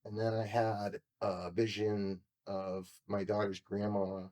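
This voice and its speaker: A man's voice: on the low side, flat delivery, slow, mellow. A man from California telling his story as a podcast guest, candid, emotional and profane, acting out what people said to him. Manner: emotional and confessional.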